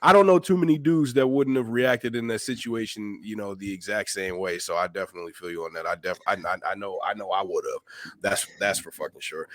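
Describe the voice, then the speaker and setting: A man in casual podcast chat, talking emphatically and with profanity, swinging from quiet to loud. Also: fairly low pitch, brisk, no room sound. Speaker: podcast co-host.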